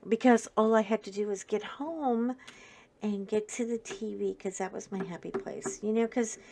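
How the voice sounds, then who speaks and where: A woman telling a story at home while she crafts, casual and wry. She swings from low asides to sudden loud, animated bursts. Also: normal speed. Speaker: craft video host.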